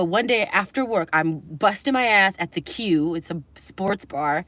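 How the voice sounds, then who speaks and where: A woman's voice: medium pitch, lively intonation, a little slow, a bit bright, dry recording. A young adult woman livestreaming, telling a personal story in a candid, rambling way, swearing and laughing between phrases.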